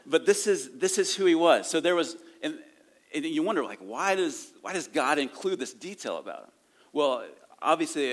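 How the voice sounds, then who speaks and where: A man preaching a sermon in a church, reading scripture and breaking off into casual asides and chuckles. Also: mid-range voice. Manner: animated and conversational, reading scripture aloud with asides and laughs. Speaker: pastor. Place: church sanctuary.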